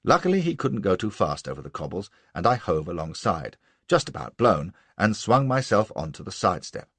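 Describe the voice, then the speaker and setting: Husky guy reading a novel, brash and swaggering, lots of swing in his voice, dry close sound. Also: low voice, normal speed, no echo. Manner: brash, boastful and lively. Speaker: audiobook narrator. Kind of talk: first-person novel narration.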